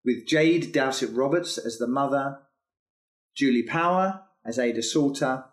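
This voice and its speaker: A man reading the closing credits of an audio drama in a plain, even way. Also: medium pitch, unhurried. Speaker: credits announcer. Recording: roomy echo.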